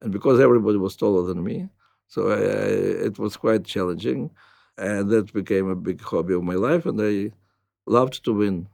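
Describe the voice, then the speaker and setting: An older man with a Russian accent, a native Russian speaker, answering interview questions in halting, reflective English. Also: lowish voice, creaky, darkish tone, no room sound, clean studio sound. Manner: halting, restarts with "uh", non-native grammar. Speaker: guest.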